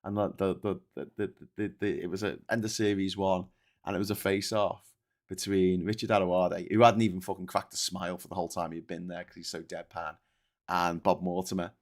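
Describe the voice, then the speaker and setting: A man's voice: deep voice, level tone, fairly quick. A man hosting a casual news commentary show, rambling through stories with swearing, self-corrections and chuckles at his own jokes.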